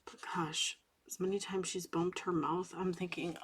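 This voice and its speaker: A woman in her thirties, host of a coloring channel, chatting softly late at night while coloring, sometimes dropping into a whisper. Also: lowish voice, flat delivery, moderate pace, slight background noise. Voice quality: gravelly, husky voice. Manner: soft-spoken, drifting into whispers at times.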